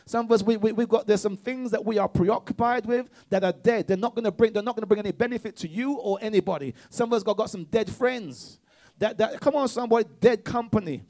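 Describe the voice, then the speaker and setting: A man's voice: sits high, fast, a little mellow. A man preaching a sermon with call-and-response exhortations, often restarting his words in repetitive bursts.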